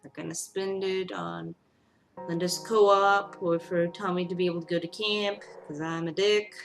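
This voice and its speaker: A woman's voice: fairly low pitch, fairly even intonation, normal speed, gravelly, faint music behind. A woman gamer doing let's play commentary, reacting emotionally with frequent exclamations and reading the game's text aloud.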